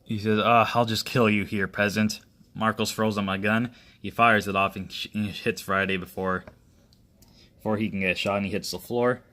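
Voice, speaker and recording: A man with a fairly low voice tells an improvised action story. He rambles and restarts often, and voices each character's lines himself instead of reading from a polished script. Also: fairly even intonation, pushed and bright. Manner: rambling, halting delivery with frequent restarts. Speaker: amateur storyteller.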